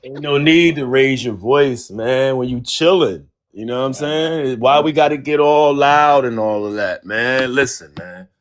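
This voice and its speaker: A man in a casual group chat, talking in a calm, easygoing, reflective way. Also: mid-range voice, a little slow, few pauses.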